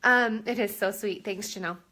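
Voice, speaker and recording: Speaking briskly at a medium pitch, this woman in her thirties sounds bright and forceful. She's at home doing a casual live-stream chat, rambling with plenty of fillers into a phone held at arm's length.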